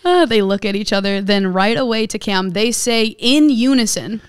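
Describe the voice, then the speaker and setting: A woman's voice: fairly high pitch, animated, normal speed, clear, resonant tone. A woman comedian reading her own comedy script aloud as narration, often laughing at her own jokes.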